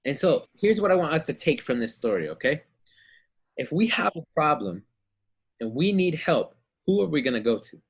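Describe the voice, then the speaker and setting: A man's voice: on the high side, very animated, normal speed, slightly rough. A man teaching a Bible lesson to children, asking them questions and acting out the story's voices. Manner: acts out story voices, asks kids questions.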